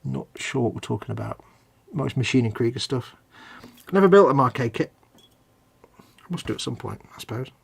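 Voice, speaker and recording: A man's voice: medium pitch, animated, normal speed, creaky, pauses often, husky. A man from the UK co-hosting a casual hobby stream, jokey and playful, slipping into silly voices as he chats while model building. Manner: jokey, slips into silly voices and sung snatches. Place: home hobby workshop.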